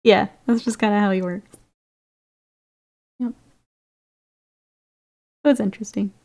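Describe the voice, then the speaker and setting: A woman paints miniatures on a stream, casually chatting with viewers, reading their comments aloud, answering them, and laughing often. Her mid-range voice is mellow and steady at a measured pace, with slight background noise.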